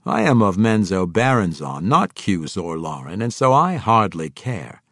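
A man voicing a sly, amused male dark elf mercenary with a smooth, unbothered way of talking. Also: deep voice, very animated, a little slow, no room sound, clean studio sound, heavily acted.

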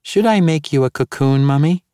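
A man's voice: on the high side, normal speed, warm tone, clear, resonant tone, no room sound, studio quality, voice pushed up, close to an everyday voice. A man voicing an eerie possessed little girl who speaks sweetly and innocently. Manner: sweet, innocent-sounding, sinister.

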